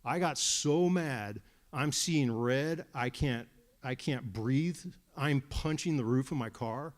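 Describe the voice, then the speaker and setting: A man's voice: medium pitch, slow pace. A middle-aged man giving a personal testimony at a church service, telling his story candidly with frequent restarts.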